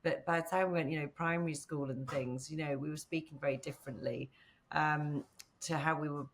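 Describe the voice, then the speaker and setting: A woman from northern England chats as a podcast guest, her low voice carrying a gravelly fry. She rambles a little, filling pauses with "um" and "you know". A faint hiss of noise sits under the recording. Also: fairly even intonation. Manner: chatty, rambling, with frequent fillers and laughs. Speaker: podcast guest, company founder. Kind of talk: casual conversational interview.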